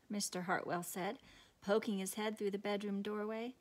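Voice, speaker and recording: A woman teacher reading a picture book aloud to her students in an expressive storytelling manner, from a classroom. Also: mid-range voice, normal speed.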